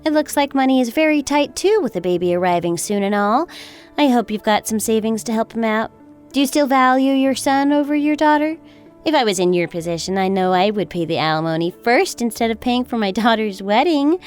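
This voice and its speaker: Woman voicing a sweet-but-cutting young wife, bright high voice with wide swings, faint music behind. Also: lively intonation, fairly quick, close to an everyday voice. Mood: coldly triumphant. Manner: sweetly polite yet cutting. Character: cool, calculating young wife getting even. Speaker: daughter-in-law.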